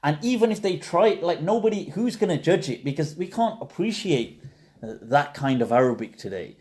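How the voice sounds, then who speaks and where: A man's voice: on the high side, big pitch swings, normal speed, a little mellow. A man hosting a live question and answer session, explaining at length in a conversational way with many fillers and restarts. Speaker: Islamic scholar answering questions. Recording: livestream.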